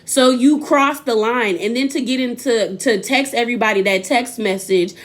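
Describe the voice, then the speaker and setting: A sassy young woman talks through a reality show episode in loose, casual chat, slipping into what each person said. Her voice sits a little on the high side, and she is quick to give her own take. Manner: sassy, animated, acts out quotes. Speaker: reality TV recap vlogger.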